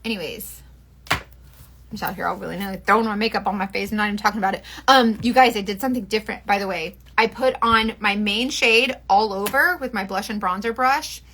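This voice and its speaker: A woman's voice: medium pitch, a little fast, pushed and bright, slight background noise. A woman in her thirties from Florida, chatting and venting on a makeup livestream, talkative and exasperated, with the odd swear word. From Florida, USA. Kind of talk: casual livestream chat.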